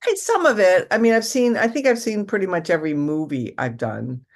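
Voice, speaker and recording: A woman's voice: on the low side, very animated, brisk. An older woman talks casually as an interview guest. She tells long, rambling stories, restarting her sentences and acting out little quotes as she goes. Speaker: actress guest.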